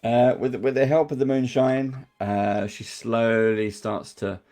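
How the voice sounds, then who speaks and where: A man's voice: mid-range voice, flat delivery, measured pace, warm tone. A man narrating a tabletop game as game master, describing scenes with hesitant fillers.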